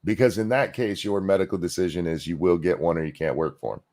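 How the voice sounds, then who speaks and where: A man's voice: deep voice, quick pace, darkish tone, a little hiss or hum. A man co-hosting a live reaction stream, trading sardonic and profane mocking asides. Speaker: co-host.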